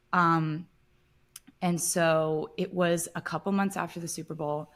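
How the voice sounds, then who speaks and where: A woman guest on a podcast, telling a personal story in an emotional, animated way. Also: lowish voice, measured pace. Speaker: interview guest.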